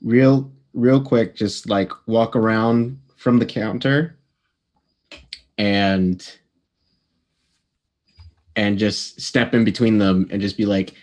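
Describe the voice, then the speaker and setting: A man narrates his character's actions in a tabletop game, stopping often and filling gaps as he thinks. His voice sits low, and his pace is slow. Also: fairly even intonation, darkish tone. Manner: halting, with many fillers.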